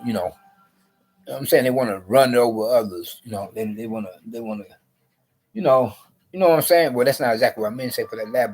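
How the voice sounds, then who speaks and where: A man telling a story to camera in a rambling, profane, agitated rant, repeating himself and jumping up in pitch when he quotes his own comebacks. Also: breathy edge. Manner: profane, repetitive, agitated; rises sharply when quoting himself. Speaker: vlogger.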